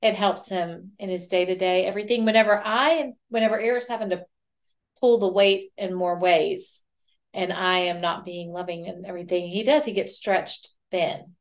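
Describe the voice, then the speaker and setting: A woman's voice: lowish voice, steady tone, normal speed. A woman co-hosting a casual faith-based podcast, often chiming in with short agreeing words. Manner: chimes in with short affirmations. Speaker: podcast co-host.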